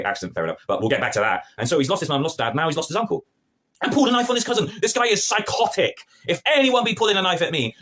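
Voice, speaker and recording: A man's voice: a little high, a bit bright, husky. A man reviewing a TV episode to camera in an exasperated, sarcastic, slangy rant. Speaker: film and TV reviewer.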